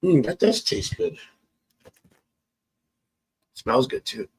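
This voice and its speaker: A man's voice: fairly high pitch, sing-song, takes it slowly, breathy edge, low-quality recording. A man reading tarot cards on a live stream. He chats casually, thinks aloud and chuckles often. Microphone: phone.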